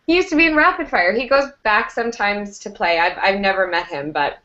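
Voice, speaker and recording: A woman's voice: mid-range voice, brisk, sharp tone, a little hiss or hum. A woman from Canada, an actress in the series, talking in a bubbly, encouraging way during a video call interview. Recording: dull lo-fi call audio.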